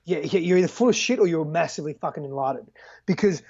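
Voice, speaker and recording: Australian male guest, husky voice, dry close sound, muffled call audio, earnest and swearing. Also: a little high, animated, fast talker, a little mellow, no echo. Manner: earnest, profane, reflective, with frequent "right?" and "man". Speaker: guest coach. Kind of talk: candid podcast conversation. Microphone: video call. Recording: dull lo-fi video call audio.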